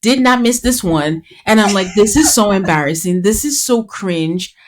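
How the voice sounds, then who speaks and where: A woman hosting a podcast, recapping casually in a lively way, acting out quotes and laughing often. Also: medium pitch, moderate pace, slight background noise. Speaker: podcast host.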